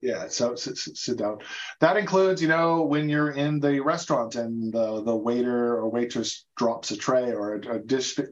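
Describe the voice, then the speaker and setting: A man's voice: mid-range voice, normal speed, highs cut off. A man from the United States hosting a podcast, chatting casually and stumbling over repeated words. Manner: chatty, repeats words and restarts, laughs often. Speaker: podcast host. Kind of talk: casual travel-tips chat.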